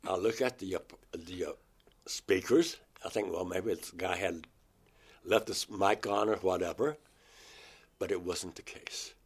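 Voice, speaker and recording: Low-voiced man recounting an experience. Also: a little slow, husky. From Georgia, USA. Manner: emotional, vivid retelling, acts out his own words. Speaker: interview guest.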